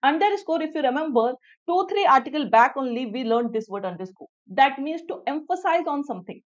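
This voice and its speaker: A woman with an Indian English accent speaks in a high, animated, brisk voice, though the recording is muffled. She teaches an online vocabulary lesson, repeating each definition, switching to Hindi to explain, and checking in with viewers by asking "clear everyone?"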